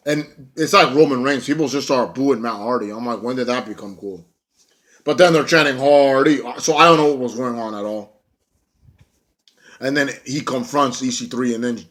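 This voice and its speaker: A man's voice: mid-range voice, a bit bright. A young man giving a casual spoken review, blunt and rambling, swearing often and filling with ums and likes. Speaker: wrestling show reviewer.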